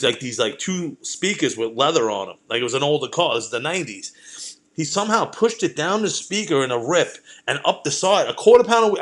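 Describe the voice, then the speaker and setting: A man, hosting a comedy podcast and telling rambling, profane stories in a casual monologue. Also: on the high side. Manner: profane, rambling, animated anecdotes.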